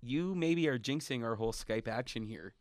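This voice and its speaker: A man's voice: medium pitch, expressive, normal speed, no room sound. A man hosting a radio show in a studio booth, chatting casually in a rambling, teasing way.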